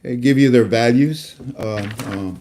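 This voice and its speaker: A man's voice: medium pitch, unhurried, background noise. A man hosting an online talk, speaking casually and preachily about faith, rambling with many fillers and restarts. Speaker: host. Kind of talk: casual religious talk to viewers.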